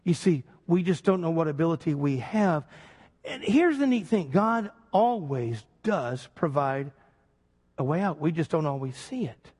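A man preaching a sermon in an earnest way, slowing down and dropping low to stress key words. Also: sing-song, darkish tone, breathy edge. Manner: earnest preaching, slows and drops low for emphasis. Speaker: pastor. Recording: long hall reverb.

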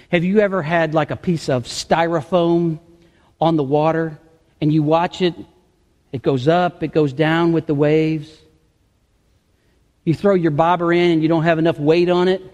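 A man preaching a sermon, swinging between emphatic raised passages and quiet dropped asides. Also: high-pitched, long reverb tail. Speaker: pastor.

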